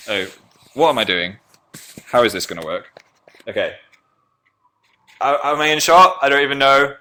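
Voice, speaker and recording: A man's voice: bright, forceful tone, slight background noise. Young male livestreamer, slight northern English lilt, playful and chatty, casual webcam chat. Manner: chatty and playful, jumps into silly high voices. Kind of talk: casual livestream chat answering viewer comments.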